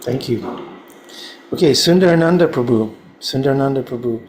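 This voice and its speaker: A man's voice: medium pitch, brisk, a little mellow, slight background noise. A man moderating a temple class, making brief, easygoing remarks to the group. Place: temple hall.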